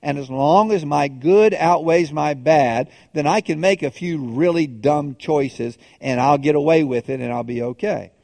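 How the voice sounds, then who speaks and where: A man's voice: fairly high pitch, unhurried, creaky, few pauses, a little mellow, no room sound, in a large hall. A male pastor preaching a sermon in a conversational way, asking the congregation questions and often restarting his sentences.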